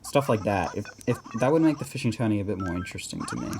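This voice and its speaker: A man's voice: on the low side, lively intonation, fast talker, few pauses, a little mellow, slight background noise. A man giving casual gameplay commentary, rambling and hesitant with many restarts.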